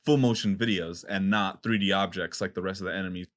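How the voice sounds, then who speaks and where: Man, podcast host, lowish voice, relaxed, asks questions. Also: quick pace. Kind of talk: casual chat.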